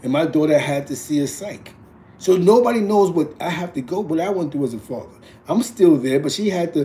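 A man's voice: fairly high pitch, animated, brisk, dark tone, a little hiss or hum. A man in his forties telling a personal story as a father, with street slang and asides. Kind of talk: casual storytelling to camera.

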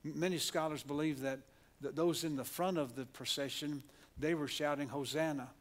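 Slightly high and fairly even in intonation, this man's voice moves at a moderate pace. He's a pastor with a Southern US accent from Oklahoma, earnestly preaching a sermon in a church sanctuary, frequently restarting, repeating words, and drawing the congregation into call-and-response.

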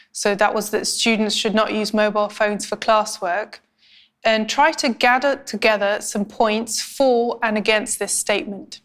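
A woman teaching academic writing in a clear, measured, scripted explainer style. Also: medium pitch, a bit bright. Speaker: language instructor.

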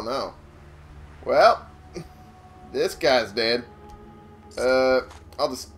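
Over game music, a young let's-play gamer rambles casually through his commentary, swearing and laughing a lot. His voice sits on the low side with a fairly bright tone.

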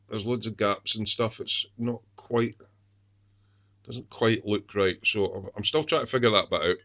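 A man with a deep, low voice talks through his model build at the workbench. He hesitates with frequent ums and restarts as he shows parts to the camera, sometimes drifting away from the mic. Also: a bit bright. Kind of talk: casual workshop show-and-tell.

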